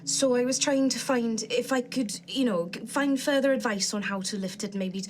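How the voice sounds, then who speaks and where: A woman's voice: medium pitch, moderate pace, a bit bright, soft background music, close to an everyday voice. A woman voicing a male adventurer who is nervous and polite, hesitant and full of fillers. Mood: earnest.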